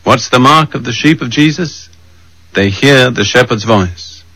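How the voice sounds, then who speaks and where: A man preaching a sermon, measured and emphatic, slowing down to read scripture verses aloud. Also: medium pitch, sharp tone, no room sound, poor audio.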